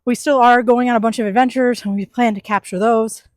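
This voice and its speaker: A young van life vlogger from the US East Coast talks candidly to camera in a casual, reflective vlog, leaning heavily on fillers like "like" and "you know." Her voice is fairly high with fairly even intonation and a brisk pace, recorded dry with clean studio sound.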